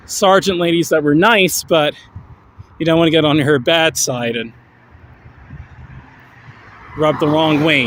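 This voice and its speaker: A man hosting a casual evening walking livestream, rambling and laughing as he reads out viewers' comments. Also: fairly high pitch. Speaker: livestream host. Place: outdoors on a street walk in the evening. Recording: outdoor stream with loud traffic noise.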